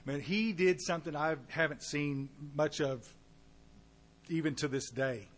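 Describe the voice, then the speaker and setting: A man's voice: a little high, a little slow. Man, middle-aged, raised voice, folksy testimony, faint background hiss. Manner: folksy storytelling with asides to the audience; shifts between quiet and loud animated bursts. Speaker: speaker at a recovery meeting. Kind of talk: personal testimony to an audience.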